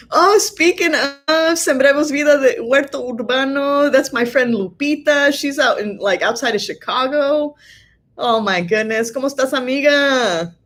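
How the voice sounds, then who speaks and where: A woman's voice: high voice, unhurried, a bit bright. A middle-aged woman hosts a casual livestream from home and reads viewer comments aloud. She sounds tired but stays chatty, laughs often and fills her talk with "like" and "you know". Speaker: livestream host. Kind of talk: casual live chat reading viewer comments.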